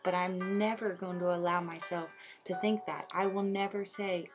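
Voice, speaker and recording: Over loud background music, a self-described healer gives an inspirational talk, insistently repeating her mantras. Her voice is on the low side, steady in tone and moderate in pace, on a low-quality recording.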